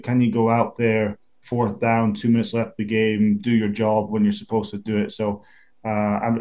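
A man in his twenties with a Scottish accent, a pro football punter chatting in an interview, relaxed and quick to laugh. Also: lowish voice. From Scotland. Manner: laid-back, chatty, laughs easily, many restarts. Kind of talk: casual interview.

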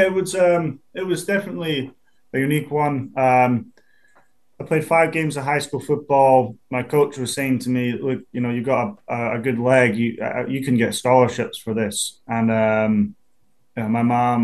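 A young man with a Scottish accent talks in a relaxed, easygoing way. His voice sits at an ordinary pitch. He often repeats words while he gathers his thoughts and laughs easily. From Scotland. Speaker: interviewed football punter. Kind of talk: casual interview.

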